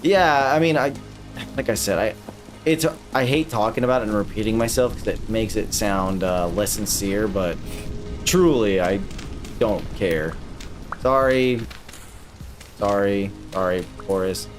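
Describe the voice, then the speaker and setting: Low-voiced, cursing male game streamer. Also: a little slow, pauses often, soft background music. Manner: profane, frustrated, talks to chat. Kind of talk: casual live gameplay commentary.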